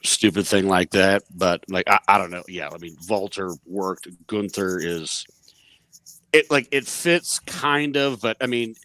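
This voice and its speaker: A man's voice: sits low, a little slow, sharp tone, no echo. A man co-hosting a casual podcast, rambling and wry with lots of fillers. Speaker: podcast co-host. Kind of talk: casual chat.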